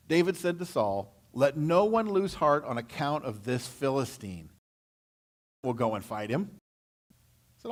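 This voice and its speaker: A man preaching in a church, retelling a scripture story in casual paraphrase and acting out the characters' voices. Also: mid-range voice. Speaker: pastor. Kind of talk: sermon.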